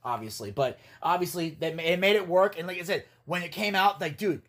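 A man's voice: sits high, brisk, fairly bright tone. A man hosting a casual podcast, telling wrestling stories in a rambling, profane way and laughing as he goes. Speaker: podcast host. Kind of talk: casual storytelling recap.

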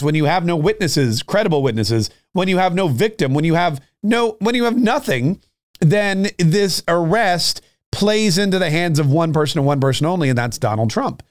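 A man delivering a political monologue in a fired-up, sarcastic way. His voice sits a little higher than most men's. He repeats himself as he builds each point. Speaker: political commentary host.

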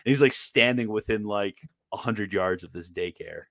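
Deep-voiced Maryland man rambling casually. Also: creaky, a bit bright, no room sound, studio quality. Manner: rambling, halting, lots of fillers and restarts. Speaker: podcast host. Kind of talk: casual chat.

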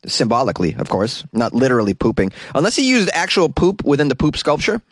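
A man hosts a comedic news podcast, reading odd stories and wandering off into joking, self-mocking tangents. His voice sits in an ordinary middle pitch. The sound is dry and close, recorded in a small closet. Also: very animated, fast, no echo. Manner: joking, rambling asides with self-mocking chuckles. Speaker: podcast host.

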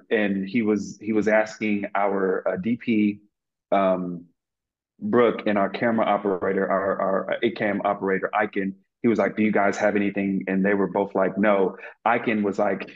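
On muffled, lo-fi audio, an actor being interviewed earnestly shares stories from set, his speech full of fillers and restarts. His voice is fairly low, with a level tone and moderate speed, in a casual storytelling conversation.

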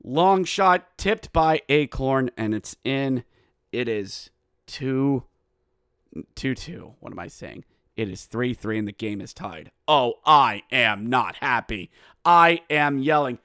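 A man hosting a hockey podcast, recapping a game with excitable, mock-outraged play-by-play and shouting at the big moments. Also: medium pitch, slow, clear, resonant tone, no echo, studio quality. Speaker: podcast host.

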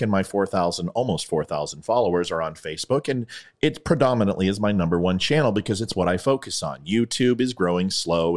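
A man hosting his own podcast, rambling through a comic story and plugs with self-mocking jokes. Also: deep voice. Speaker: podcast host. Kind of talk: casual comedic monologue.

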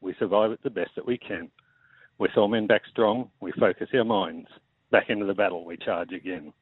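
An Australian caller in his forties reads out a rhyming verse in a steady, measured beat. His voice sits fairly low and dry, squeezed through a tinny phone line. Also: slightly rough, dry recording. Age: 40s. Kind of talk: reciting a rhyming poem over the phone.

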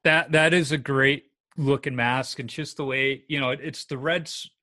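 A man's voice: medium pitch, fairly even intonation, normal speed, sharp tone. A man hosting a casual interview, easygoing, asking questions and sharing his own stories. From Minnesota. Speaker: podcast host interviewing a guest.

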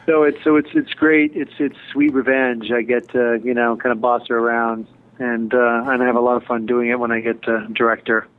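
A man's voice: mid-range voice, little pitch movement, fairly quick. A middle-aged man, a television director, giving chatty, digressive interview answers with a joking streak. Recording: tinny phone-line audio.

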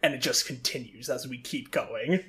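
A man's voice: mid-range voice, normal speed, fairly bright tone. A man co-hosting a podcast, bantering bluntly with frequent laughs and swearing. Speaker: podcast co-host. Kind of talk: casual banter.

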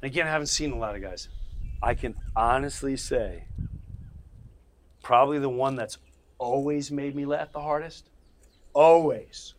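A man hosting his podcast, telling stories in a casual monologue. He laughs as he goes and swings from loud bursts to quiet asides. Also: measured pace, long pauses. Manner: animated, laughs mid-story, jumps between loud bursts and low asides; acts out other people's voices. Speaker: podcast host.

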